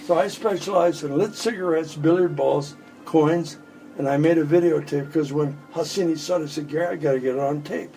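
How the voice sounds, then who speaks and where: Gravelly old man telling jokes. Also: fairly high pitch, a little fast, dark tone, soft background music, rough recording. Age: 80s. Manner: joking, rambling storyteller. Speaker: magician. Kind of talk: casual chat with demonstrations. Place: his home.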